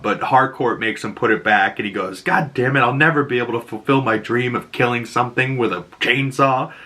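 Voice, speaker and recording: A man with a Boston accent talks through a show recap in a loose, animated way. His voice is bright and forward, and he swears freely as he pops into high-pitched impressions of the characters. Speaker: pop culture recap host. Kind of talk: casual episode recap.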